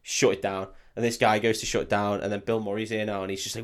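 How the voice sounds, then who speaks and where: A man's voice: fairly low pitch, level tone, quick pace. A man, swearing a lot and laughing as he retells a film, acting out the characters' lines. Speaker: podcast co-host. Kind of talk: casual film recap chat.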